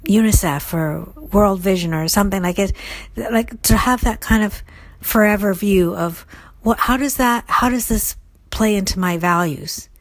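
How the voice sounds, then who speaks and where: A woman's voice: mid-range voice, moderate pace, no echo. A middle-aged woman casually answering listener questions on recovery, thoughtful and full of fillers and restarts. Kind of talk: casual solo Q&A talk.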